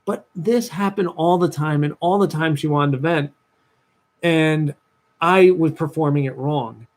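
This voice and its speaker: A young man, a dating coach talking to viewers on a livestream, telling a personal story with lively voiced-out asides. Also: a little slow. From New Jersey, USA. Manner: animated storytelling, acts out his past self in a higher voice.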